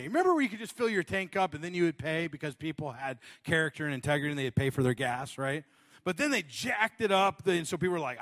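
A male pastor telling a funny personal story in his sermon, animated and self-deprecating, often laughing. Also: high voice, big-room sound.

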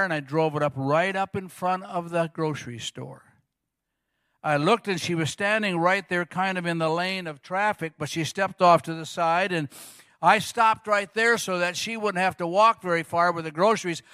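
A middle-aged man preaches from the pulpit in a high, bright, forceful voice. He tells stories in a lively way and acts out the people he quotes. The sound is dry and close, with no room around it. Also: no room sound. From Arizona. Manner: storytelling, animated retelling with quoted voices. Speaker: pastor. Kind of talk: sermon.

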